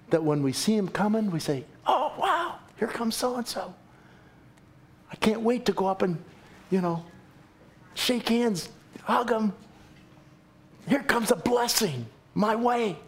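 Male pastor, lively jokey sermon, high voice with big swings. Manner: animated, jokey, acts out quotes with big pitch swings. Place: church sanctuary.

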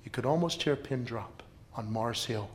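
A man's voice: mid-range voice, moderate pace, a little hiss or hum. A man preaching a sermon as a pastor, telling stories dramatically and repeating lines for emphasis. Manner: dramatic storytelling with emphatic repetition.

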